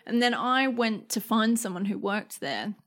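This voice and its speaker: Chatty young woman, animated storyteller. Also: fairly high pitch, moderate pace. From Australia. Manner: animated storytelling, acts out quotes, laughs often. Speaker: podcast co-host. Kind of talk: casual chat.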